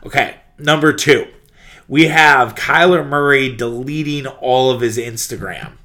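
A man's voice: medium pitch, a little slow, sharp tone. A man hosting a sports podcast, ranting in a profane, sarcastic, opinionated way. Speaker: podcast host.

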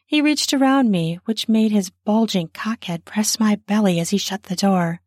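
A woman narrating an erotic story in the first person, soft and breathy, sometimes dropping to a whisper. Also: mid-range voice, normal speed, no echo, clean studio sound.

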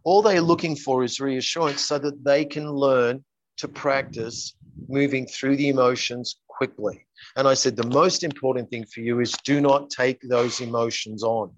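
A man's voice: mid-range voice, fairly even intonation, normal speed, low-quality recording. A man speaking as an interview guest, earnestly telling stories and acting out the dialogue in them. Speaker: guest, coach. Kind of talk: interview storytelling.

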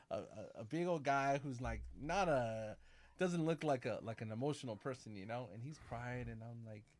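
A Catholic priest in his forties chats casually in a mid-range voice, telling lively stories. He acts out the dialogue he quotes and calls people "man" and "baby."

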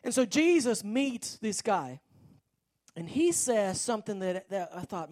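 A woman's voice: mid-range voice, big pitch swings, unhurried, a little mellow. A woman preaching a sermon, telling a story in a rambling way with frequent restarts.

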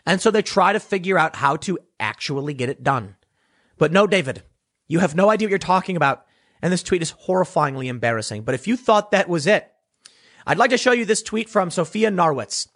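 A man rants through his own opinionated commentary with a mocking edge. His voice sits a touch high and swings widely in pitch. He often trips and restarts mid-sentence. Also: fairly quick. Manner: animated, mocking, talks over restarts. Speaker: political commentator.

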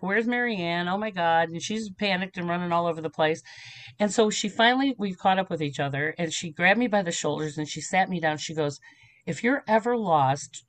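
A middle-aged woman, a spiritual medium, telling stories and teaching in a casual interview, acting out little voices as she goes. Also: fairly low pitch. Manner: animated storyteller, acts out voices.

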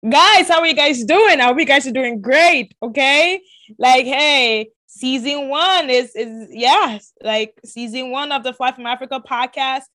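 A woman's voice: high-pitched, unhurried, pushed and bright. A woman hosting a casual podcast, upbeat and chatty, repeating words and talking straight to her listeners. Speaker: podcast host.

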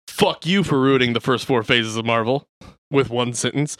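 A man talks through a film's plot among friends, his voice bright and forward. He swings his pitch widely, jumping into loud exaggerated voices for quoted lines, and swears freely. The sound is dry and close. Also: expressive, moderate pace, no room sound. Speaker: podcast host recapping a movie. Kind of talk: casual chat.

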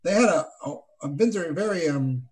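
A man's voice: a little high, expressive, fairly quick, a little mellow. A man playing a tabletop horror game, rambling and hesitant, with many fillers. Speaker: player. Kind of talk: in-character tabletop play.

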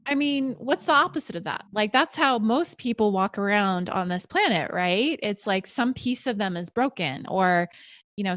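A woman's voice: mid-range voice, fairly bright tone, no room sound. A woman hosting a casual interview, enthusiastic and chatty with lots of fillers.

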